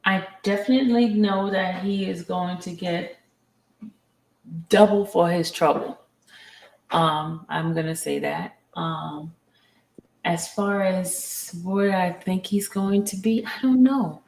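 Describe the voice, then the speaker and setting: A woman's voice: lowish voice, slow pace, creaky, a little mellow. A woman hosting a casual live stream from home, chatting and calling viewers into the conversation. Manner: chatty, teasing, calls out to viewers. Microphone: headphones with mic. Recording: roomy echo.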